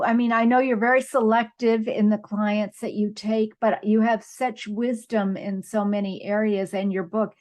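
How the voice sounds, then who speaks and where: A woman hosting a podcast interview, affirming and enthusiastic with her guest. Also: medium pitch. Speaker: podcast host.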